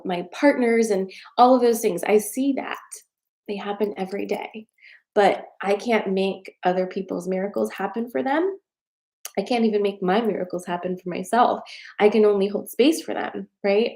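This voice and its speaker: A young woman chats on a live stream, open and emotional, with tears close to the surface. She swears freely and laughs between thoughts. Her voice sits at an ordinary middle pitch for a woman. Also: warm tone. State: tearful. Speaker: tarot reader and coach hosting a live stream. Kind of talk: casual live-stream chat with viewers.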